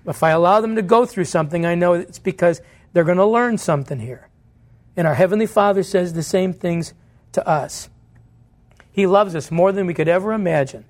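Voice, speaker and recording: A man with a high, light voice preaches a sermon in church. He speaks earnestly, putting questions to his listeners and answering them himself. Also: brisk. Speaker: pastor.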